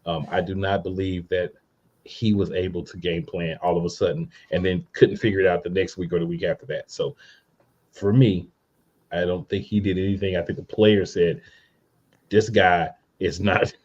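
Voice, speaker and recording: A man with a very low voice talks football on a casual podcast, blunt and fired up as he vents about the coaching. The sound is a bit dull and lo-fi, like a home mic. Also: level tone, moderate pace, darkish tone, a little hiss or hum. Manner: blunt, fired-up fan venting with laughs. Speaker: podcast co-host. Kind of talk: casual sports podcast chat.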